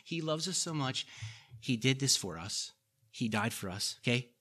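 A man's voice: mid-range voice, animated, normal speed, bright, forceful tone, husky. A middle-aged man preaching a sermon in a conversational way, repeating key lines and making folksy asides to the congregation. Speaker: pastor.

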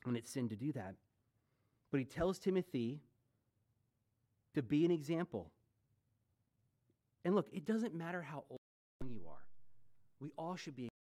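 A man's voice: a little high, very animated, normal speed, long pauses, dark tone. Joking, conversational preacher in his forties. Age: 40s. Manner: conversational, joking asides and rhetorical questions. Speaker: pastor. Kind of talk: sermon.

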